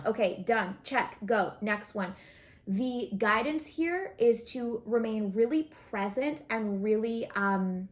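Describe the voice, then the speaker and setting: A woman giving a casual, chatty tarot reading to her viewers, thinking aloud with fillers as she pulls cards. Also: fairly high pitch. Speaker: tarot reader.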